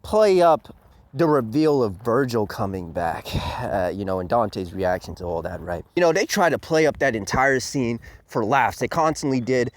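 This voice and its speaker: A man's voice: mid-range voice, very animated, normal speed. A man giving a profane, ranting review commentary full of fillers and laughs.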